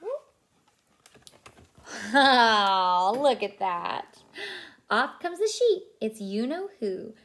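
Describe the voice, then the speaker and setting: A woman childcare teacher reading a picture book aloud to young children, asking them questions and dropping into a hushed whisper for suspense. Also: on the high side, drawn-out words, pauses often. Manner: animated, asks the children questions.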